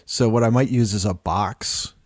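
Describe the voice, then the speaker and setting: A man co-hosting a podcast, joking in a slow, deadpan way. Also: on the low side, dry recording, studio quality. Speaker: podcast co-host. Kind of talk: casual podcast chat.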